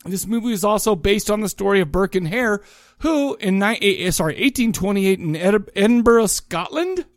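Male podcast co-host, high animated voice, rambling joker, dry close mic. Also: fairly quick, dry recording. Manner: rambling, joking, lively. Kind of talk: casual movie and music chat.

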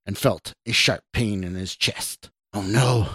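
A man, the podcast host, reading his own horror story in a measured, steady way. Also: on the low side, dry recording, studio quality. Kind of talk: scripted horror narration.

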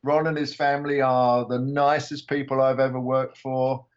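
A man's voice: medium pitch, little pitch movement, moderate pace, smooth, dull audio. An older man from England, a podcast guest, chatting casually with many ums and restarts. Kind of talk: casual interview chat.

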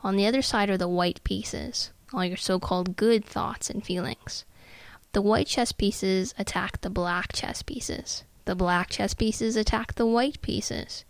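Woman, podcast host, calm measured delivery, gravelly fry, dry close sound. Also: medium pitch, dry recording. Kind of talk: calm self-help podcast talk.

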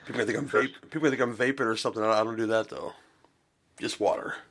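A man's voice: lowish voice, fairly even intonation, fast talker, a bit bright. A man hosting a podcast, chatting casually, joking and swearing freely. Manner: joking, swears freely, quotes film lines. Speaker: podcast host. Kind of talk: casual chat.

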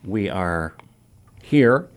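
Low-voiced easygoing radio host man. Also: lively intonation, extremely slow. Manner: easygoing, rambling with fillers. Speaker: radio talk show host. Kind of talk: casual on-air chat.

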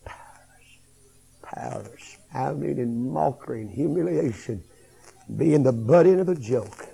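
A middle-aged man preaching a revival sermon, swinging from hushed tones to shouting. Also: medium pitch, animated, unhurried, vocal fry, breathy edge, poor audio.

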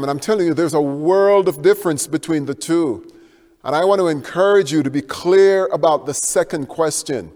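Pastor, male, sermon delivery with emphatic swells and hushed drops, rhetorical questions, long hall reverb. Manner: preaching with emphatic swells and hushed low stretches.

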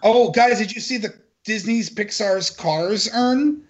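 A man's voice: high-pitched, measured pace, husky, highs cut off. A man on a podcast, joking around in a goofy way with friends. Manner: goofy, joking, bits and impressions. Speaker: podcast co-host. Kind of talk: casual group chat.

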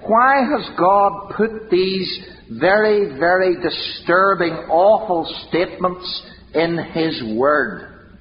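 High, impassioned male preacher. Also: animated, slow pace, a little hiss or hum. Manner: impassioned, rhetorical questions, dramatic emphasis. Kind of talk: sermon. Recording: dull lo-fi recording in a reverberant hall.

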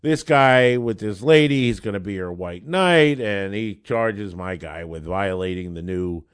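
A man who is a lawyer telling a case story in an animated, conversational way, acting out the dialogue. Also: on the low side, measured pace, smooth. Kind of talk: storytelling monologue.

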